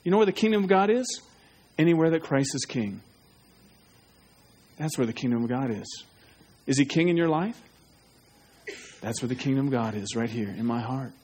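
A man's voice: mid-range voice, expressive, normal speed, long pauses, a little mellow, husky. A man preaching an evangelistic sermon, pleading and urgent, often putting questions straight to his listeners. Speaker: pastor.

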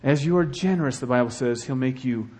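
A middle-aged male pastor preaching a sermon with animated delivery and acted asides. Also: mid-range voice, fairly quick, breathy edge.

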